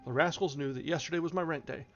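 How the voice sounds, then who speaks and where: A man voicing a pompous, self-important gentleman magistrate who speaks with indignant outrage. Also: on the high side, quick pace, soft background music, close to an everyday voice. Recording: dull lo-fi recording.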